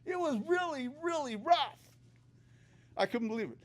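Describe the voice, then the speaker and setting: At a podium microphone in a meeting room, a retired older man speaks during public comment. His voice is extremely high-pitched and animated at a normal speed, and he comes across as chatty, joking, and upbeat.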